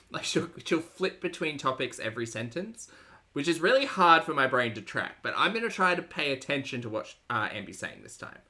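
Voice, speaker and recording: A woman's voice: low voice, big pitch swings, moderate pace, bright, forceful tone. A woman hosting a livestream reaction show, chatty and sarcastic as she reads out chat messages. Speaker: reaction channel host.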